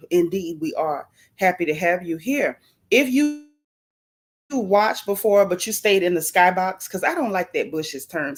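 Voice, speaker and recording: Chatty woman hosting a gossip livestream. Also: lowish voice. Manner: chatty and animated, greets viewers from the chat. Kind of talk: casual live-stream gossip chat.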